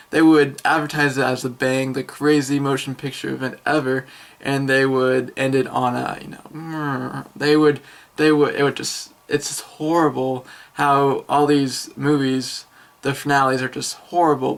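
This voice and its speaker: An eighteen-year-old man reviews a film for his vlog at a middling pitch. He gushes and rambles, trailing off into fillers and restarting his sentences. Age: young adult. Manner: excitable, rambling, many fillers.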